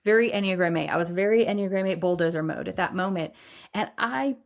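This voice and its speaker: A woman's voice: lowish voice, quick pace. A woman in her forties hosting a podcast, telling personal stories in a candid, emphatic way and laughing now and then. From Iowa. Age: 40s. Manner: candid, emphatic, says y'all, laughs often. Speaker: podcast host. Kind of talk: personal storytelling monologue.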